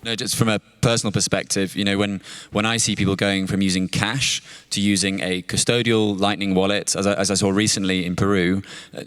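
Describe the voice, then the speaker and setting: A man's voice: lowish voice, level tone, brisk, few pauses, fairly bright tone, smooth. A British man moderating a conference panel on stage, chatty and self-deprecating.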